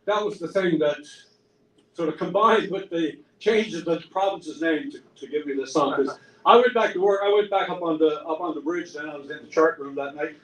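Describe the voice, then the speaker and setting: A man's voice: fairly high pitch, brisk. A man with a Newfoundland accent telling a rambling, self-mocking story at a pub event, full of restarts and dry humor. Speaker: singer-songwriter and storyteller. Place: pub room. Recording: echoey room, distant mic, faint noise.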